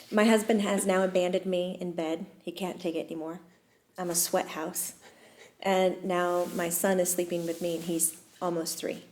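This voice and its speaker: A woman hosting a talk show, telling personal stories in a casual, lively way, often laughing and pausing with fillers. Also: on the low side. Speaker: host and medium. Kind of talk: casual storytelling chat.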